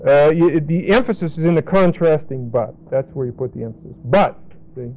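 A man's voice: a little high, normal speed, highs cut off. A man teaching a Bible lesson as a pastor, speaking in a blunt, emphatic way. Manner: emphatic, direct, blunt warnings.

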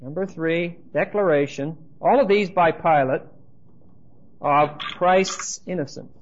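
A man's voice: a little high, slow, lo-fi sound. A man preaching a sermon with emphasis and dry humor, speaking straight to his listeners.

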